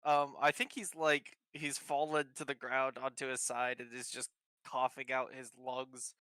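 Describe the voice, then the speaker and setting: A man's voice: mid-range voice, measured pace, clean tone. A man playing a tabletop game, teasing and cheering his fellow players. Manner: lively, teasing, cheers loudly. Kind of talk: tabletop role-play chat.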